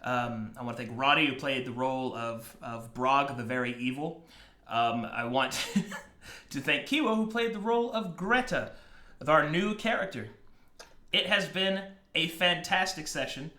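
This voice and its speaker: A man's voice: mid-range voice, normal speed, echoey room. A man hosting a tabletop game stream as game master, wrapping up with casual, laughing banter. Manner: laughing, animated, swearing banter. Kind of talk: casual stream outro chat.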